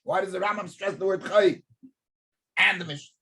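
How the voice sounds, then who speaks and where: A man teaching an in-depth Talmud class, animated, often repeating words as he thinks and asking rhetorical questions. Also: high-pitched, moderate pace.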